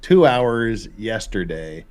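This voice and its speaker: A man's voice: on the low side, sing-song, takes it slowly, darkish tone. A sleep-deprived man hosting a casual livestream chat, rambling and swearing casually. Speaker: host.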